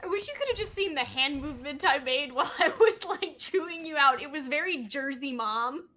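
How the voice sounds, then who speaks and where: A woman's voice: high voice, lively intonation, brisk, bright, forceful tone, slight background noise. A woman commentating a live game tournament in casual chat, playful and teasing, laughing often.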